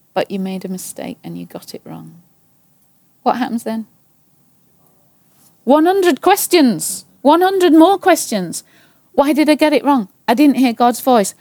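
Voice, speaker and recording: Woman chatting about prayer, kinda fry-voiced, repeats herself, goes real quiet sometimes. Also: high-pitched, no echo. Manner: earnest, repetitive, acts out her own anxious prayers. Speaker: Christian speaker. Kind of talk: casual personal testimony.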